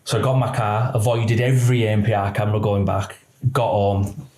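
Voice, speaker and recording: A man, a retired police officer telling a personal story in halting speech that often quotes others. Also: lowish voice, level tone, warm tone. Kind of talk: emotional personal account. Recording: roomy echo.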